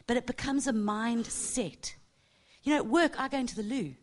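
A middle-aged woman gives an informal church teaching, her voice on the higher side. She talks with passion and a chatty warmth, laughing easily and checking in with her listeners. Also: moderate pace. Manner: passionate, chatty, laughs often, tags lines with "yeah?". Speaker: church speaker teaching on prophecy.

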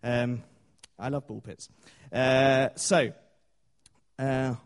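A man's voice: medium pitch, fairly even intonation, extremely slow. Chatty male preacher telling a story. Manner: chatty storytelling with fillers and laughs. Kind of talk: sermon.

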